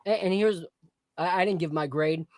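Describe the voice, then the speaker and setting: A podcast host in casual chat about basketball and whiskey, blunt and animated, with plenty of slang. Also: mid-range voice, moderate pace, no room sound, clean studio sound.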